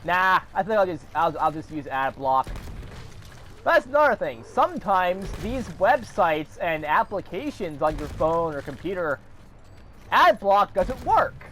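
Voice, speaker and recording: A man's voice: sits high, sing-song, a little slow, a bit bright, slight background noise. A man delivering a heated, profane rant to camera, swearing often and throwing in sarcastic asides. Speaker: vlogger.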